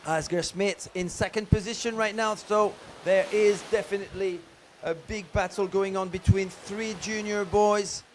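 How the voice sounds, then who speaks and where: A man giving live commentary on a paddleboard race. He talks in a lively way and pauses on many fillers. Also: high voice, slight background noise.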